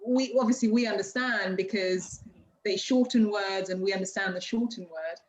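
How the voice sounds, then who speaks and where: A woman's voice: mid-range voice, moderate pace. A woman with a standard southern British accent, chatting at a moderate pace on a video call. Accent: standard southern British English. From England. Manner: speaks at a moderate pace, with soft fillers. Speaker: guest speaker in a language-learning video call. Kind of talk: casual conversation. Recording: roomy, muffled video call audio.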